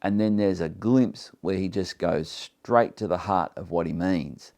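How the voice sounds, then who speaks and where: A man with a very low, deep voice leads a Bible study. He is earnest and emphatic, reading passages aloud and then unpacking them in his own words, and he sometimes stumbles and restarts as he presses a point. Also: unhurried, darkish tone. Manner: earnest, reads scripture aloud then explains it. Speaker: Bible teacher.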